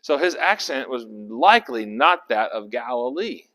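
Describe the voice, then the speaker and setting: A man's voice: medium pitch, expressive, measured pace, bright, forceful tone. Chatty down-home guy teaching bible study, hall echo behind him. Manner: folksy, conversational, chatty. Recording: reverberant hall.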